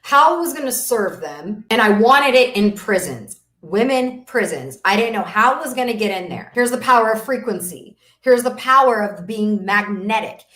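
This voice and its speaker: A middle-aged woman giving a live motivational business talk, fervent and preachy, swinging between loud declarations and soft asides. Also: mid-range voice, animated, normal speed, hardly any pauses, echoey room. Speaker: business coach.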